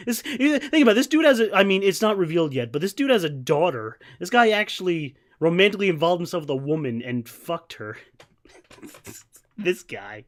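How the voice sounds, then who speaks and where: A man from New York giving goofy, joking commentary over a game and laughing often. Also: high-pitched. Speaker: let's play streamer. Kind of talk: casual gameplay commentary.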